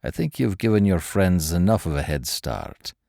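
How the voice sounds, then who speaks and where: A sadistic male interrogator speaks in a low, hushed, unhurried voice, as a narrator puts him on. He lingers on words with icy mockery. The audiobook sound is close and dry. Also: animated, vocal fry, no echo, heavily acted. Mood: cold menace. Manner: cold, mocking, slow and menacing. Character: cold, sadistic male interrogator, middle-aged.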